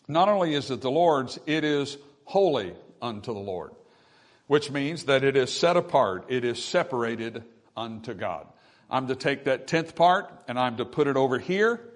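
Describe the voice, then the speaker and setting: A man delivers a sermon in a mid-range voice. He teaches patiently, asking the congregation rhetorical questions and repeating key phrases for emphasis. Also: mid-range voice. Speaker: pastor.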